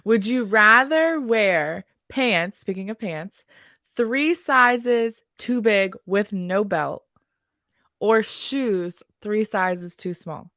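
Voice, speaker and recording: A woman's voice: mid-range voice, extremely slow, bright, forceful tone, dry recording, clean studio sound. A young woman in her twenties co-hosting a podcast, asking questions in a playful, teasing way. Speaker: podcast co-host. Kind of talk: casual chat.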